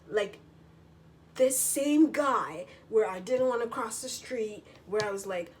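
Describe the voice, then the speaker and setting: A woman's voice: medium pitch, unhurried, a little hiss or hum. A woman vlogger in a casual storytelling monologue, chatty, full of filler words and casual swearing.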